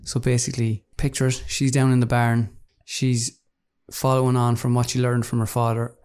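A man co-hosting a casual true-crime chat, explaining his theory in a steady, matter-of-fact way. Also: medium pitch, moderate pace, clean tone. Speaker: podcast co-host.

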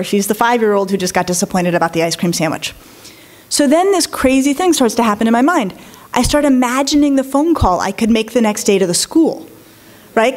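A woman in her forties, a child psychologist, telling a story to an audience in an animated way, acting out the voices of people she quotes. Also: high voice. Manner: animated, acts out quoted voices, many asides.

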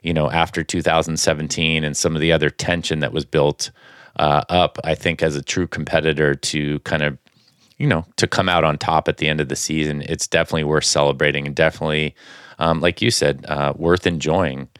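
Deep-voiced man rambling about baseball. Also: level tone, brisk, a bit bright, clean tone, dry recording, studio quality. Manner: rambling, many fillers and restarts. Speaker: sports podcast co-host. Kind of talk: casual sports talk.

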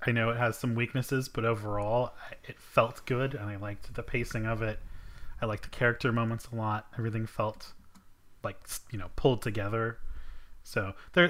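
A man co-hosting a casual podcast chat, chatty and quick to laugh. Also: mid-range voice, fairly bright tone. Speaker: podcast co-host.

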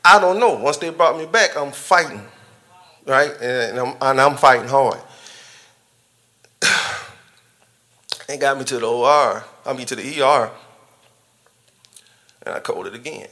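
A man gives a personal testimony in a bright, forceful voice. He talks in a casual, conversational way, chuckling often and speaking directly to his church family. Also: medium pitch, unhurried, long pauses. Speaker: church member giving a testimony.

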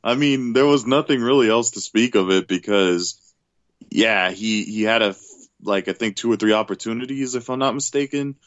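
Male co-host, lowish voice, halting delivery, dry and dull lo-fi mic. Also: dry recording. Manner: hesitant, many fillers and restarts. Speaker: podcast co-host. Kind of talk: casual sports podcast chat.

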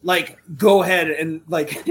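A man's voice: fairly high pitch, fairly even intonation, a little slow, fairly bright tone, slight background noise. A man in casual podcast chat, reacting with laughs and telling his own side of a story. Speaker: podcast co-host.

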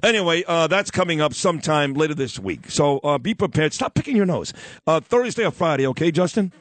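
A radio host with a Brooklyn accent, talking loose and joking at his co-hosts. His voice sits a little high, picked up dry and close on a studio microphone. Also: lively intonation, a little fast, dry recording. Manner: joking, self-mocking, loud. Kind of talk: casual radio banter.

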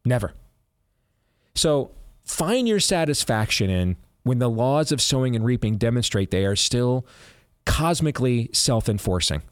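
A male talk radio host with an average-pitched voice that comes across forceful and sarcastic. The sound is dry and close, with no room echo behind him. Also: sing-song, a little slow, smooth. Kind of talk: conservative talk radio commentary.

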